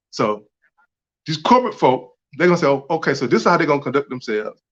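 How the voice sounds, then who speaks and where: A man's voice: fairly high pitch, fairly bright tone. A man, speaking as a community organizer in an impassioned, emphatic casual talk, often checking in with "right?". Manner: emphatic, repetitive, keeps asking "right?". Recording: dull lo-fi audio.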